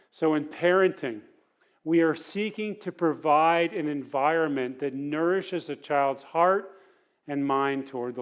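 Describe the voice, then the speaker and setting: Earnest, higher-voiced middle-aged preacher. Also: male voice. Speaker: church teacher. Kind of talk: parenting sermon.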